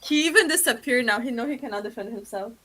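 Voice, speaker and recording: A woman's voice: on the high side, lively intonation, quick pace, a bit bright. A woman co-hosting a casual podcast, teasing the others and laughing often. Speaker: podcast co-host.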